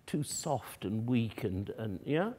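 A man's voice: lowish voice, lively intonation, slow, dark tone, breathy edge. A man coaching a piano student in a masterclass, coaxing and singing phrases aloud to show how they should go. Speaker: piano teacher. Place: music room or hall at a workshop. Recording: piano playing behind.

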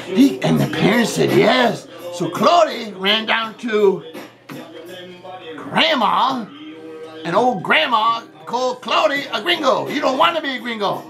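A man playing rambling, shouty Cotton Man. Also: very high voice, big pitch swings, unhurried, vocal fry, over music, exaggerated voice. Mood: rambling cheerful. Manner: rambling, repeats "man" and "see", shouts greetings. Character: jokey male character who calls himself Cotton Man. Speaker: birthday greeter. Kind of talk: homemade birthday video, rambling storytelling.

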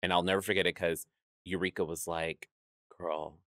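A man who works as a drag performer, telling lively stories in a studio interview, acting out other people's voices and laughing often. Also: low-pitched, normal speed, dry recording. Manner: animated, acts out quoted voices, laughs often. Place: podcast studio.

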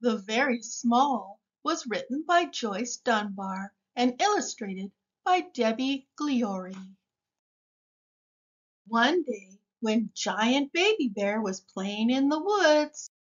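Woman reading a picture book aloud, slow and expressive, slightly muffled audio. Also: fairly high pitch. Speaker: storybook reader.

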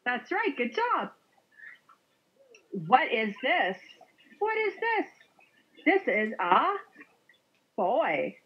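A woman teaching English to a young learner over a video call, speaking slowly with exaggerated, sing-song cheer and playful sound effects. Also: sits high, sing-song, slightly rough. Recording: muffled lo-fi online call audio.

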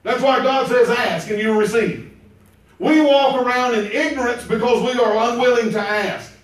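A man preaching a sermon, emphatic and repetitive, now and then breaking into shouts. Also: very high voice, normal speed. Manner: emphatic, repeats phrases, bursts into shouts. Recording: very echoey room, mic far off.

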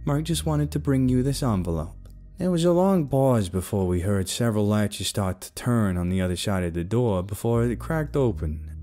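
A man narrating a first-person story in a rough, casual tough-guy way, with plenty of swearing, over faint music. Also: fairly low pitch, dark tone.

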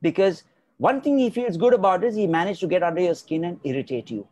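A man's voice: high voice, fast talker, a little mellow, no room sound. A man giving an emphatic motivational talk as a guest expert, repeating key words for stress. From India.

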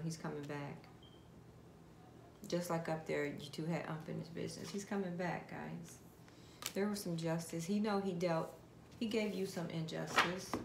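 A woman's voice: on the low side, creaky. A woman giving a casual tarot reading to her viewers, chatty and direct, putting questions to spirit aloud. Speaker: tarot card reader. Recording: echoey room with steady background noise.

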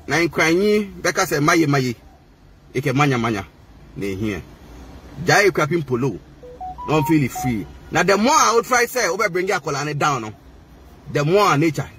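Ghanaian man with a notably high voice; confrontational, taunting rant, slight hiss in the background. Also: a bit bright. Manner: heated, mocking, mixing languages. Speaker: social media personality.

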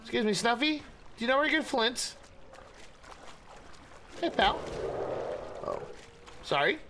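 A man's voice: very high-pitched, sing-song, unhurried, bright, forceful tone, a little hiss or hum. A man playing a video game and giving goofy running commentary, chatting to animals and yelping in panic. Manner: goofy, talks to animals, sings and yelps. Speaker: gaming streamer. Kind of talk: playful let's-play commentary.

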